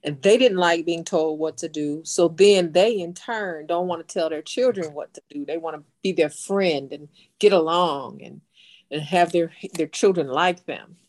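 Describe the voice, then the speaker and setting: A woman speaking calmly in a group discussion and passing the turn to others. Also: lowish voice, moderate pace. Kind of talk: casual discussion.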